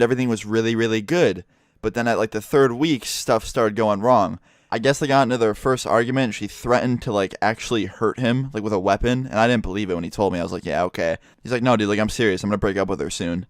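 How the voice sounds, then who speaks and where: A man's voice: medium pitch, fairly quick, no room sound, studio quality. A young man telling a story in a casual vlog, rambling and swearing, with lots of "like". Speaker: storytelling vlogger.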